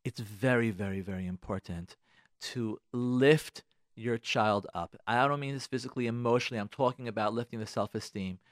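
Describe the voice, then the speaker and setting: Hosting a radio talk show, this middle-aged man gives insistent advice, speaking straight to his listeners and repeating his points emphatically. He has a mid-range voice at normal speed, recorded cleanly in a studio without room sound.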